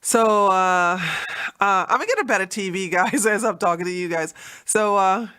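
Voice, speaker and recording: A woman with a congested, allergy-stuffed nose talks to her stream audience in a loose, wandering way. Her voice is bright and pushed forward, and she breaks into easy laughter as she goes. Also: mid-range voice, brisk. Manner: rambling, chatty, laughs often. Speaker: livestream host. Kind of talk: casual livestream chat.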